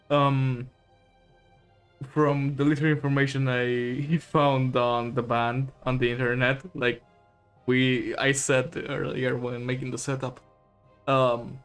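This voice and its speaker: A man hosting a podcast in a relaxed way, often laughing and hesitating. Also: medium pitch, slow, pauses often, smooth. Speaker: podcast host. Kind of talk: casual podcast chat. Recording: slightly dull stream audio with faint music.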